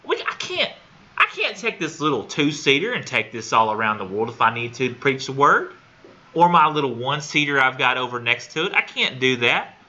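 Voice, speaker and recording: Brief: a man playing a showy televangelist preacher who brags in a high, shouting drawl, captured on a muffled room recording. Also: sing-song, fairly quick. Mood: boastful. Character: loud boastful male televangelist preacher, folksy.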